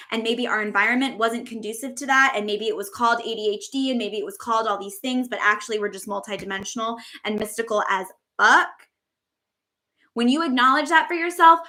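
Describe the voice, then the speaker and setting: A woman's voice: on the high side, pushed and bright. A woman hosting a spiritual podcast, teaching in an effusive, casual way, swearing freely and stretching out words for emphasis.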